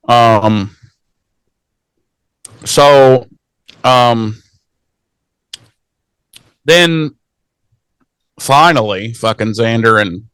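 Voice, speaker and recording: A man's voice: lowish voice, steady tone, very slow, long pauses, a bit bright, smooth, dry recording. Man co-host, casual profane episode recap, rambling delivery, dry close mic. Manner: profane, rambling, acts out characters in goofy voices. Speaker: podcast co-host.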